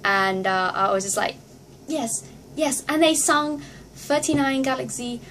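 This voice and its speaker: A woman with a somewhat high voice tells a story straight to camera. She talks casually and excitedly, jumping into squeals and laughter as she acts out how she reacted. Faint noise sits under her voice. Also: moderate pace. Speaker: vlogger.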